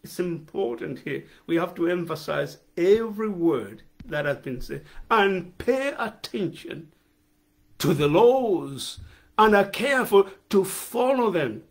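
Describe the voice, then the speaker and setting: A man's voice: high voice, expressive, slow, creaky. A male pastor preaching a sermon, emphatic, repeating key phrases and putting questions to the listeners.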